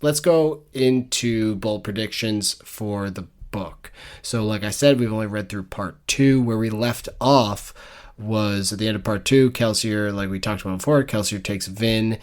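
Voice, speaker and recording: A man's voice: fairly low pitch, a little slow. A man co-hosting a book club podcast, chatting casually, joking and laughing often. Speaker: podcast co-host.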